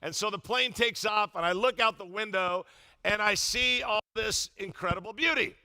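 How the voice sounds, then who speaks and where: An older man preaching a sermon as pastor, telling funny stories with loud, emphatic bursts. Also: sits high, normal speed. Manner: humorous storytelling, animated, loud emphatic bursts.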